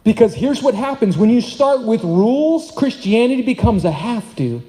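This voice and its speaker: A man in his thirties preaching a sermon as pastor, energetic and joking, swinging between loud and soft. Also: very high voice, normal speed. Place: church hall. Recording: long hall reverb.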